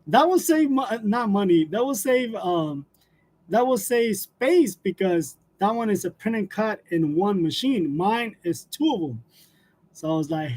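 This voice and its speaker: A man's voice: high-pitched, animated, a little slow, a little mellow. A man hosting a casual livestream, chatting with viewers, laughing often and talking loosely with fillers. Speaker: livestream host.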